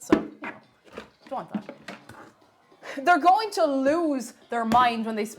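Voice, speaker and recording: A young Irish woman streaming live while baking, chatting in a rambling, animated way, laughing often and reading out chat messages. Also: mid-range voice.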